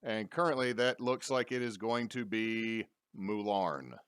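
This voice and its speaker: A man's voice: lowish voice, lively intonation, measured pace, fairly bright tone, clean tone, no echo, studio quality. A man acting as dungeon master, giving a casual, jokey recap of a tabletop game on a stream.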